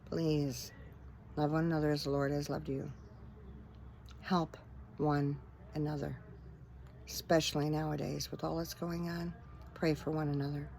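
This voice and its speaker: Gravelly low-voiced woman, earnest and chatty. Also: little pitch movement, unhurried, pauses often, darkish tone, slight background noise. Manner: chatty, earnest, rambling with fillers. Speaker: vlogger and minister. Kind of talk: casual faith-talk vlog.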